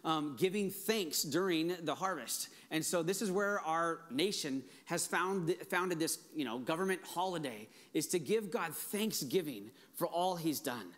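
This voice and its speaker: High-voiced enthusiastic male pastor. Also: lively intonation, unhurried, hardly any pauses, fairly bright tone. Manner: enthusiastic, conversational, with frequent restarts and fillers. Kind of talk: sermon.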